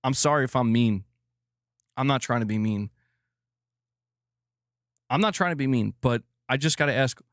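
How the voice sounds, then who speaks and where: A man's voice: medium pitch, normal speed, pauses often, dry recording, studio quality. A man hosting a live stream, chatting casually and bluntly, swearing and laughing a lot while reading viewer comments. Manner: blunt, profane, laughs often.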